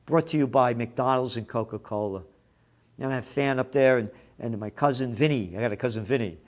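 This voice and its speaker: A man of Italian heritage ranting over news headlines, sarcastic and profane, often shouting. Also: mid-range voice, fairly quick. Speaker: commentator.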